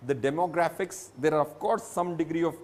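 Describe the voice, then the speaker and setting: A man's voice: on the high side, fairly quick, a little mellow. A man with an Indian English accent explaining personal finance emphatically, using examples. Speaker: financial advisor. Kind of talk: reassuring public talk.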